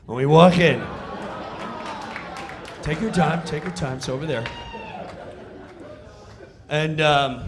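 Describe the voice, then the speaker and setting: A male comedian telling a backstage story in an animated, conversational stand-up style. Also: on the high side, drawn-out words, pauses often, a crowd in the background, noisy background. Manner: animated, conversational, builds to punchlines.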